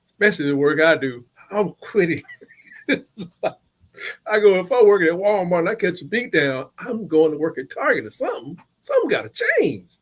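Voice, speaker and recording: A man hosting a live game watch-along, rambling through casual stories in colloquial slang. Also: high voice. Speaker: live stream host.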